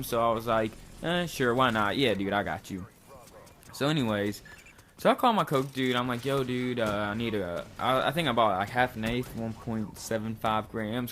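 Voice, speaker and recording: A man's voice: mid-range voice, a bit bright, slight background noise. A young man from Kentucky casually telling a long rambling story, full of slang and filler words. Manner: rambling, loose slang, lots of likes and dudes. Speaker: vlogger.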